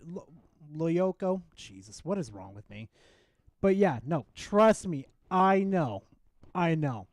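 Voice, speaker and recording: A man hosting a live stream in casual chat, excitable and swearing freely as he talks to his viewers. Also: on the high side, slow pace, no echo, clean studio sound. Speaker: streamer host.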